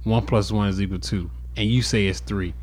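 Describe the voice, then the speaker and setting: Animated, playful man in casual chat. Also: on the low side, brisk, no room sound. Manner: animated, playful, acts out quoted lines. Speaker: podcast co-host; father of boys.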